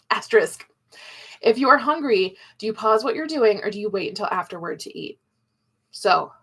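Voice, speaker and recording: Woman teacher on a video call, chatty and playful, gravelly fry in the voice. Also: mid-range voice, fairly bright tone. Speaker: online class teacher. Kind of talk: live online class.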